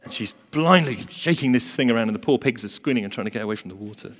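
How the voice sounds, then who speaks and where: A man of middle pitch delivers a sermon, telling a story with emphatic swings between forceful and hushed delivery. His voice carries a long reverb, as if heard in a large hall. The pacing shifts as he builds and releases tension. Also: lively intonation, quick pace. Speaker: preacher.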